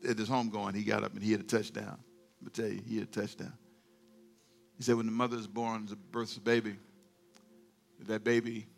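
A middle-aged male pastor preaches a sermon, moving from quiet storytelling to fervent call-and-response shouting. His voice is fairly low and creaky.

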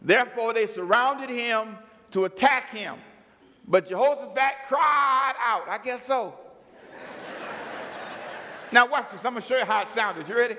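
A man's voice: very high voice, unhurried, pauses often. A man preaching a sermon, acting out biblical characters and calling on the congregation to join in. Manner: animated storytelling, acts out biblical characters. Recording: long hall reverb.

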